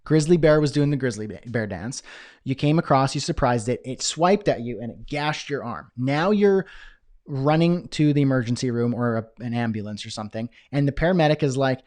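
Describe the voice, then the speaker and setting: A man teaching a business class on a livestream, talking in an energetic, conversational way. He answers chat questions and checks in with the audience often. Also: mid-range voice, a little fast. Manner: energetic, conversational, frequent "okay?" check-ins. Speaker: business coach.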